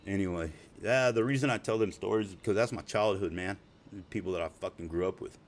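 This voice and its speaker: A man's voice: deep voice, fast. A middle-aged man telling casual, profane stories, rambling and laughing often. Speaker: storyteller. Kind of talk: casual spoken storytelling.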